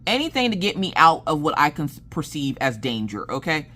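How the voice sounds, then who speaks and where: A woman chatting casually on her craft channel, telling animated stories and laughing as she goes. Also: brisk. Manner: animated, acts out quoted dialogue with big pitch jumps. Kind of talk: casual chat storytelling.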